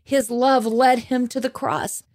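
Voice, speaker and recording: A woman's voice: fairly high pitch, steady tone, measured pace, darkish tone. A woman hosting a podcast, telling a personal story and then preaching with a building, repeating cadence. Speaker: podcast host. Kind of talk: devotional storytelling talk.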